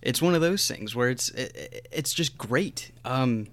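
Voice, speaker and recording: A man chatting casually about a film, emphatic and excitable, swearing now and then. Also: mid-range voice, a little slow, no echo. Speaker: podcast co-host discussing a film. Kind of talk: casual chat.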